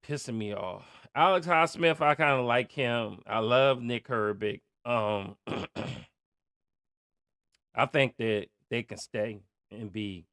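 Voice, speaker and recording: A man rants with profane heat, spiking into loud outbursts and then dropping to a mutter. His pace is slow and drawn out. The sound is dry, with no room echo. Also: medium pitch. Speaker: podcast host. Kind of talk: angry fan rant.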